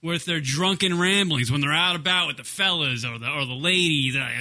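A man hosts a call-in radio show, joking crudely and poking fun at himself. His voice is strikingly bright and sits a little high for a man. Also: fairly quick, hardly any pauses. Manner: joking, crude, self-mocking. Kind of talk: casual podcast banter.

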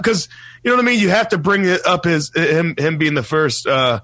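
A man hosting a radio show, talking loudly and emphatically in casual, profane chat. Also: on the high side, expressive, a little fast, dry recording. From Toledo, Ohio area. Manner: loud, emphatic, swears constantly.

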